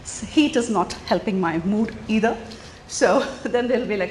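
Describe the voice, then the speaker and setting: Animated woman addressing parents in echoey hall. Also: fairly high pitch, moderate pace. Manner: earnest and animated, asks the audience questions. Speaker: parenting speaker at a school coffee morning. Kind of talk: lively talk to a room of parents. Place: school hall or meeting room. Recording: echoey room, faint background noise.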